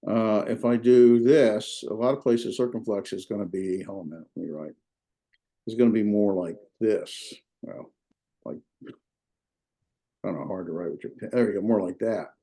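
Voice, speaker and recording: In a fairly low, dark voice at normal speed, a Southern-accented instructor leads a casual beginner Greek class. He teaches folksily, repeating himself and leaning on lots of fillers.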